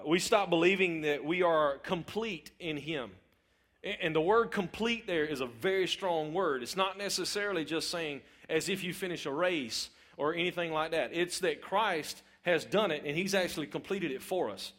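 Preaching in church, this middle-aged man sounds fairly high and slightly bright, moving at an ordinary pace. His sermon is informal and conversational, full of repeated words and questions put to his listeners to see if they're following.

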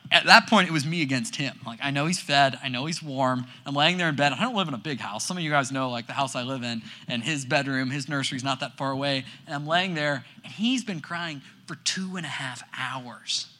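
A young man preaching a casual sermon to a youth group as youth pastor, telling stories in an animated way with lots of "like". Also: mid-range voice, brisk, few pauses. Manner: animated storytelling, heavy use of "like".

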